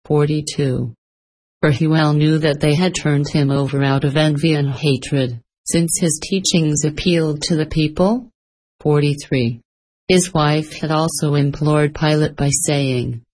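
Low-pitched female reader, steady scripture narration with verse numbers. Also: low-quality recording. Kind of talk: scripted reading of a religious text with verse numbers.

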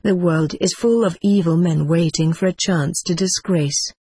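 A frail, devout widowed mother pleads softly and slowly with her child, as a woman narrator gives her voice. The tone sits lowish and breathy, close and dry with no room around it, gentle and earnest throughout. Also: steady tone, no echo. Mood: tender. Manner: slow, tender, pleading. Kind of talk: audiobook character reading.

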